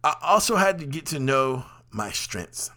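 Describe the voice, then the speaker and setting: Bright-voiced, talkative man. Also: mid-range voice, very animated, a little slow. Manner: talkative, rambling, frequent fillers. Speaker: podcast host. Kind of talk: personal monologue.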